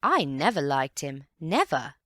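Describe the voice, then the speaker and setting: A woman's voice: low-pitched, very animated, unhurried, fairly bright tone, no echo, studio quality, full character voice. A woman voicing a gossipy, self-important middle-aged mother in an audiobook, speaking emphatically. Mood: emphatic. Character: gushing, indignant middle-aged society mother. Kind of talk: audiobook character voice.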